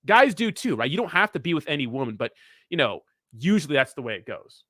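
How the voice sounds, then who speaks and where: A man's voice: on the high side, big pitch swings, quick pace, a bit bright, dry recording, clean studio sound. Blunt, profane young man on a livestream. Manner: blunt, profane, rambling with filler words. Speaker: crypto livestream host. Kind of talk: casual livestream chat reading viewer comments.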